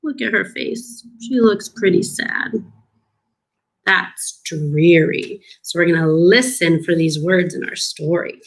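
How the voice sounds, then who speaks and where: Slow and sing-song, a woman with a fairly low, expressive and fairly bright voice reads a picture book aloud to young children. She is a speech clinician teaching new words, using encouraging teacher talk and drawing out her words in this storybook lesson.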